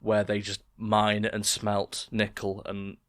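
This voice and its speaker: A man, co-hosting a podcast in relaxed, chatty talk and sharing odd facts. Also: fairly low pitch, slow, no room sound. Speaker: podcast co-host. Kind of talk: casual chat.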